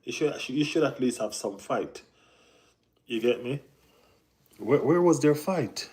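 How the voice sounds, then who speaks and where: A man hosting a casual live football chat, talking in an animated way with lots of slang and repeated phrases. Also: mid-range voice, a little slow. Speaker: football channel host.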